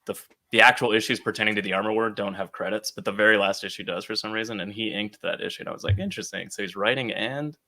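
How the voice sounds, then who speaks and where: A man's voice: on the low side, steady tone, fast talker, hardly any pauses, pushed and bright. A man co-hosting a casual comic book podcast chat, laughing often and acting out quoted lines. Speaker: podcast co-host.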